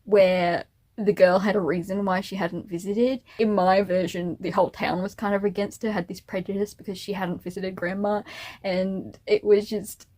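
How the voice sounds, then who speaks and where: A young female vlogger chats to camera at a normal speed, her medium-pitched voice flat in movement and darkish in tone. Rambling and self-amused, she keeps giggling while getting a little teary and emotional.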